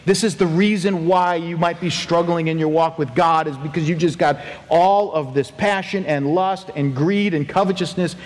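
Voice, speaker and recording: A man preaching a sermon as pastor, animated and acting out quoted voices with big pitch swings. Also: moderate pace, hardly any pauses, big-room sound.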